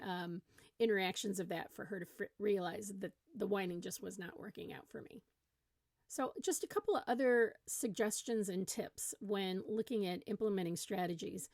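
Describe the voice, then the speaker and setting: A middle-aged woman explains parenting strategies in an earnest, instructional way and acts out lively examples. Her voice sits at an ordinary pitch for a woman. The recording is dry and close, with no room echo. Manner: earnest, with animated acted-out examples. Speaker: parenting coach. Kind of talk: instructional talk to camera.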